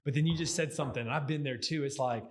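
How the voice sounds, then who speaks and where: A man's voice: mid-range voice, quick pace. A man with a Texan accent hosting a casual business interview, encouraging the guest and calling him brother. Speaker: host, business lawyer.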